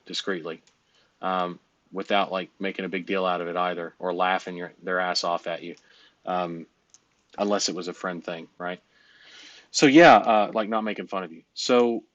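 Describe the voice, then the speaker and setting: A man's voice: lowish voice, fairly bright tone, dry recording. A man coaching in a casual, rambling way, blunt and full of fillers and cursing. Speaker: business coach.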